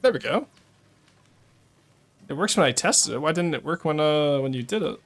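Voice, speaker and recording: A man's voice: on the high side, lively intonation, moderate pace. A male streamer giving live gameplay commentary, chatting to his viewers and swearing and exclaiming when he comes under attack. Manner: chatty asides to chat between bursts of play.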